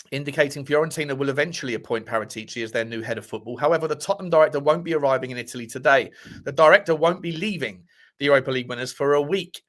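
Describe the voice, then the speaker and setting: A man's voice: mid-range voice, a bit bright. A man hosting a casual live football stream, bantering and repeating his phrases with some swearing. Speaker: football podcast host.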